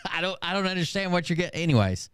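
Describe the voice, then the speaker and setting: Profane, rambling male host, smooth voice. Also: high-pitched, big pitch swings, quick pace, a bit bright, no echo, studio quality. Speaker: channel host. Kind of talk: casual livestream rant.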